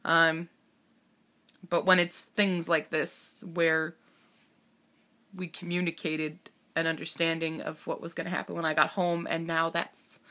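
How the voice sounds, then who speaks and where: A young woman in her twenties talking to camera in a personal vlog, on the verge of tears, halting and emotional, with nervous laughs and sighs. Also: low voice, level tone, bright, forceful tone. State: tearful, on the verge of crying. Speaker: vlogger.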